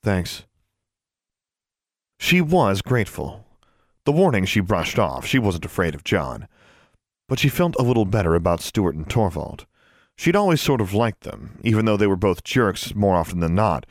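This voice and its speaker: A man narrates a novel in steady storytelling. His voice sits low, with a lively rise and fall. The recording is dry and close. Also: moderate pace, no room sound. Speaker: audiobook narrator. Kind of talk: scripted narration.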